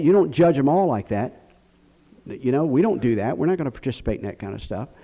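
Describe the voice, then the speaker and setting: A man teaching a Bible lesson in sermon style, emphatic and full of rhetorical questions. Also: mid-range voice. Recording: dull lo-fi recording.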